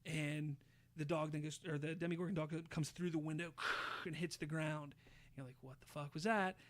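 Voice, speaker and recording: A man hosting a podcast, casually retelling a show's plot with lively, swear-laden storytelling. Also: on the high side, normal speed. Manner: animated storyteller, swears freely, acts out quotes. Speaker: podcast host.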